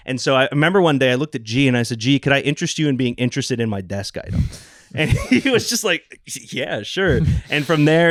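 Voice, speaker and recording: A young man chatting on a podcast as its social media producer, telling animated stories, acting out quotes and swearing casually. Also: mid-range voice, dry recording, clean studio sound.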